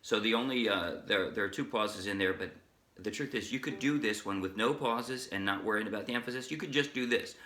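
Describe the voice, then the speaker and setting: A man teaching a ukulele song in a relaxed, chatty way, breaking off now and then to sing a line. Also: lowish voice, a little fast, soft background music. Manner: chatty, self-interrupting, sings snatches while strumming. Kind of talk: casual music tutorial. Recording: ukulele strumming under the voice. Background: ukulele playing.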